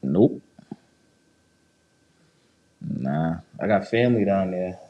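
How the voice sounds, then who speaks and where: A man answers in a casual podcast chat with a laid-back, unhurried manner and short replies. His voice sits low and deep, and he talks slowly. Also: lively intonation, dull audio.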